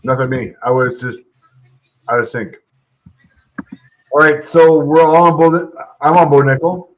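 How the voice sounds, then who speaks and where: A man hosting a fight picks stream, loud and flustered, swearing at technical trouble. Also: fairly high pitch, steady tone, a little slow, highs cut off, slight background noise. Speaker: host of a fight picks show. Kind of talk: casual livestream chat.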